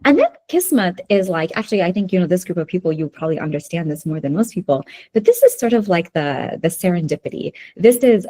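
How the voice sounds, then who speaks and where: Speaking over a video call, a woman leads a live webinar workshop and keeps asking her audience "okay?" and "right?". Her dark, low-leaning voice is sing-song and fairly quick, with hardly any pauses.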